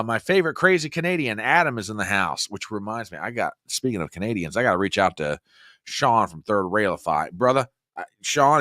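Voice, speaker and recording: Older guy hosting a livestream, low voice but bright, chatty and joking around, dry sound. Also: no room sound. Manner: chatty, exclamatory, playful banter. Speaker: livestream host. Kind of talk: casual chat greeting viewers.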